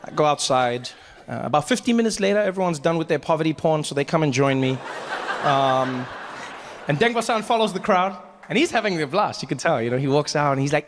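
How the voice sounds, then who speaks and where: A male stand-up comic telling a long story live on stage, animated and quick to slip into voices. His speaking voice sits fairly high for a man. Faint background noise runs under the set. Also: in a large hall. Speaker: stand-up comedian.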